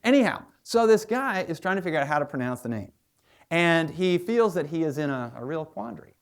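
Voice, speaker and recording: A man's voice: fairly high pitch, very animated, fairly quick. A man who is a historian and biographer, giving a public lecture as a chatty storyteller with plenty of asides.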